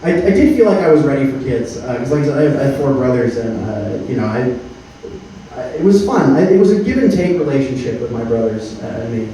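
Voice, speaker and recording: A man in his thirties performing a stand-up comedy set on a club stage, deadpan, with frequent filler words. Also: medium pitch, quick pace, slight background noise. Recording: roomy club sound from a distance. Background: faint room ambience.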